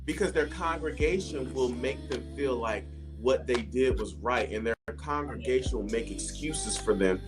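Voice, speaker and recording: A man's voice: medium pitch, normal speed, hardly any pauses. A man in his forties chatting casually and earnestly, telling personal family stories with emotion. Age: 40s. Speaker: podcast co-host. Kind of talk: casual chat. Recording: music playing behind.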